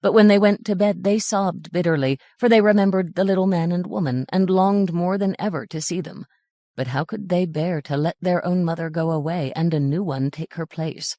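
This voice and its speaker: A woman narrating a fairy tale audiobook in a measured, gentle reading. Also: fairly low pitch, no echo, clean studio sound. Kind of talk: scripted storybook narration.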